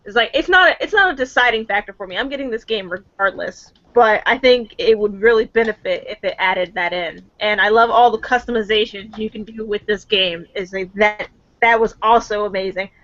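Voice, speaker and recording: A woman's voice: medium pitch, fairly quick, a bit bright, dry recording. A woman on a casual gaming podcast, talking enthusiastically and gushing about what she loves. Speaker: podcast guest. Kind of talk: casual chat. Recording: dull dry lo-fi recording.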